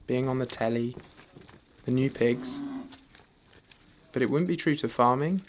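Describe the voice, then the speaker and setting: A man from England narrating a farm documentary calmly, the farmer's son. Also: medium pitch, a little slow, a little hiss or hum. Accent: English. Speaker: producer and narrator. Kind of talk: documentary narration and casual chat.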